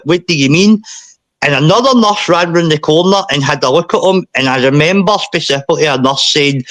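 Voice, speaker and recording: A man, a podcast guest, recounting a painful personal story in a halting way, often repeating himself and saying mate. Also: on the high side, fairly bright tone, dry recording.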